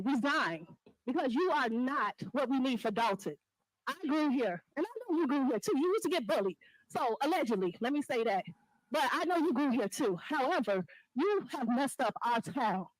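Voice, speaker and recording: A woman's voice: fairly high pitch, no echo, low-quality recording. A middle-aged woman speaking angrily during public comment at a town meeting, accusing and demanding answers. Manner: angry, pleading, rapid accusations.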